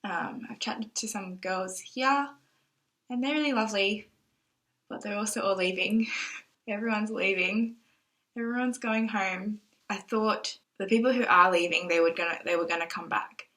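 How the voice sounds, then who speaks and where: A woman's voice: medium pitch, moderate pace, bright, forceful tone, rough recording. A young woman vlogging to camera, anxious and rambling as she thinks aloud, tearful at times. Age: young adult. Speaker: exchange student vlogger. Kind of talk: casual vlog talk to camera.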